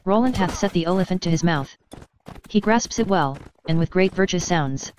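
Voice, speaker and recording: A woman reading an epic poem aloud in a measured, steady recitation. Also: on the low side, a little hiss or hum, rough recording. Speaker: reader.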